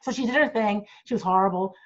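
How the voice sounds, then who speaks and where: A woman's voice: medium pitch, fast talker. A middle-aged woman, a group manager, answering fan questions in a candid, blunt and outspoken way over a video call. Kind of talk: candid Q&A chat. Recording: dull lo-fi video call audio.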